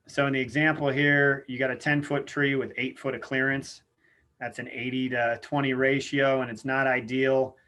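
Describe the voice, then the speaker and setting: A man presenting an online webinar lecture in a casual, informal way, often pausing on "uh" and "um". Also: medium pitch, a bit bright. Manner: informal, frequent "uh" and "um" fillers. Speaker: extension lecturer.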